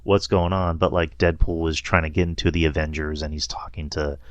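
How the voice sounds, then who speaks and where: A man's voice: rumbling low, steady tone, fairly quick, dry recording. A man hosting a casual movie review chat, rambling and laughing often. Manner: rambling, laughs often, quotes lines in a mocking voice. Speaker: podcast host.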